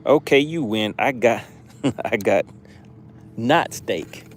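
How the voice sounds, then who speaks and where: A man runs a fishing livestream in an easygoing, chatty way. He reads viewer comments aloud and laughs often, in a voice of middling pitch. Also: slow pace, a little hiss or hum. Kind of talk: casual live chat.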